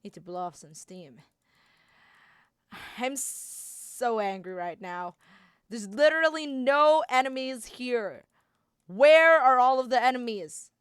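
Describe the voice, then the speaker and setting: A woman voicing a bitter, enraged young male warrior in an improvised fan performance, speaking in halting, stammering bursts. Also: high voice, animated, clear, resonant tone, no room sound, clean studio sound. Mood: angry. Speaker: voice actor.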